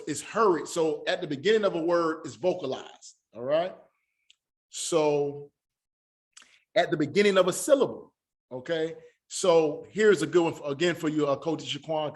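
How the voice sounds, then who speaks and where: A man teaching a Hebrew class, speaking patiently and repeating words slowly for his students. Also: a little high. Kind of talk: classroom lesson.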